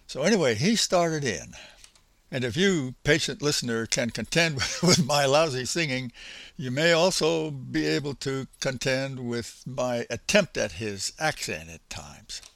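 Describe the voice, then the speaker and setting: A man's voice: medium pitch, lively intonation, gravelly, a bit bright, no echo. Older man telling a folksy memoir. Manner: unhurried, folksy, reflective. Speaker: storyteller. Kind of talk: spoken memoir narration.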